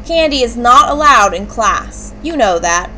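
A woman's voice: a little high, lively intonation, a little slow, sharp tone, slight background noise, low-quality recording. A woman playing a firm schoolteacher. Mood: stern.

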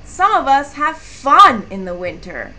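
A woman voicing a lively, playful rabbit in a storybook, bouncy and encouraging. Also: sits high, unhurried, exaggerated voice.

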